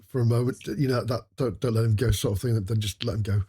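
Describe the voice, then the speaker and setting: A man playing in a casual tabletop role-playing session, rattling off his lines quickly with stammered starts. His voice is husky and mellow. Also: medium pitch, fairly even intonation. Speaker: player.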